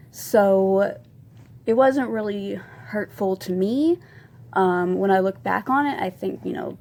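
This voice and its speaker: Young woman with heavy vocal fry. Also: medium pitch. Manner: rambling confessional with many ums and soft laughs. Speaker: vlogger. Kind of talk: storytime vlog.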